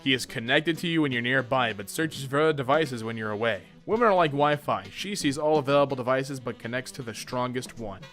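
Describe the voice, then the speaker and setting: A man's voice: medium pitch, brisk, few pauses, soft background music. A young man reading and joking about internet memes in comedic commentary, often slipping into silly voices. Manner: animated, jumps into silly voices for jokes.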